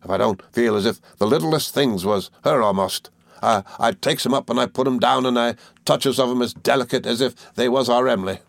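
A man voicing a hearty, jovial old fisherman with a broad rustic dialect and booming laughs. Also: brisk, creaky, dry recording, lightly acted.

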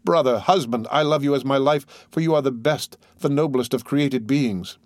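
A man voicing a devoted young woman in an audiobook, speaking gently and earnestly. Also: medium pitch, moderate pace, no room sound, clean studio sound, natural voice. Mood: tender.

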